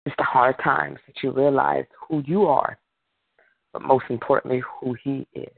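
A man's voice: mid-range voice, flat delivery, normal speed, vocal fry, dry recording. A male preacher giving a fervent sermon over a prayer line, building it on repeated phrases and calls for an amen. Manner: repetitive call-and-response preaching, fervent. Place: remote prayer line by phone. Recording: tinny phone line.

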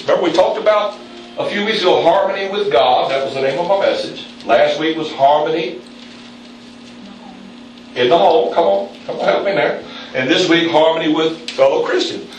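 Echoey preacher, animated. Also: male voice, slight background noise. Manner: call-and-response preaching, rising pitch for emphasis. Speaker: pastor. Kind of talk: sermon. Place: church sanctuary. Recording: very echoey room, mic at a distance.

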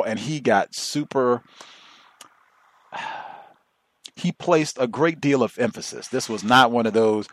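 A low-voiced man hosts a call-in show and delivers steady, emphatic commentary. He draws out important words slowly. The sound is dry and close on the mic. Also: no echo.

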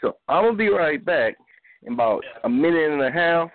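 Male radio host, excitable and joking, tinny phone-line sound. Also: on the high side, brisk. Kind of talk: casual live-show banter.

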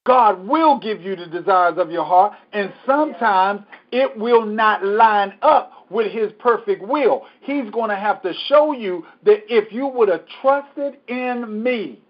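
A man's voice: high voice, unhurried, hardly any pauses, muffled recording. A man teaching a Bible study as pastor, preaching emphatically and repeating scripture.

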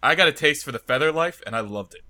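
A man playing a tabletop game in character, joking in a deadpan way. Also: on the high side, quick pace. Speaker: player.

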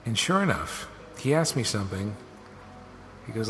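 A low-voiced man hosts his podcast from his office, telling a story in an animated, casual way. He acts out other people's lines as he goes. The room has a long ringing reverb, and music plays clearly underneath. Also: normal speed, pauses often. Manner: animated, acts out quoted dialogue. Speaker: podcast host. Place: home office studio.

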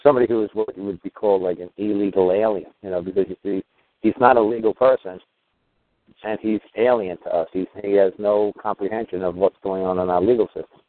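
Brief: male radio host, low voice, rambling jokey banter, phone-line sound. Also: fairly even intonation, fast. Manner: rambling, jokey, acts out imagined exchanges. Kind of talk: casual call-in chat.

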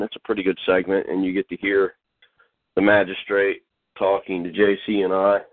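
A man's voice: deep voice, dry recording. Congested middle-aged man on a phone line. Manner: halting, frequent throat-clearing and fillers. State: congested, getting over a cold. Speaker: host. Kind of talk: teaching a Bible lesson on a call-in show. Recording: dry, tinny phone line.

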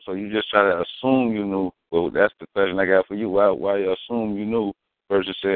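This man speaks at a brisk pace in a fairly low register, trading stories as a podcast co-host. His casual talk is full of slang and emphasis, captured in a dry, lo-fi recording that sounds like it came over a phone.

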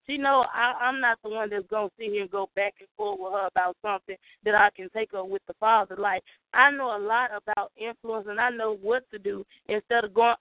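A woman's voice: medium pitch, no room sound. A young woman from the Southern US with a Southern accent, calling in to give an emphatic, preacher-style testimony. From Southern United States. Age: young adult. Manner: emphatic, preacherly, talks straight to listeners. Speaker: caller. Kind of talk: spoken testimony on a call-in show. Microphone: phone call. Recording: tinny phone line, dry.

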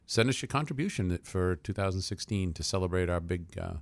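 A man chatting on a radio show about events at a community center, talkative and quick to laugh, with many fillers. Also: low voice, creaky, no room sound. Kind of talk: casual radio chat.

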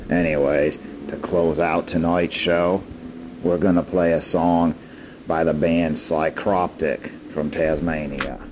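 A man doing a put-on Australian accent as a mock host closing a show, in a flat, deadpan delivery. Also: sits low, slow pace. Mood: mock-cheerful. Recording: noisy home recording with air-conditioner hum.

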